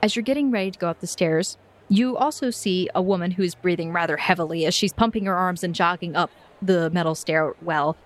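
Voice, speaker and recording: A woman's voice: lowish voice, a little fast. Brief: woman game master, playful, descriptive scene narration.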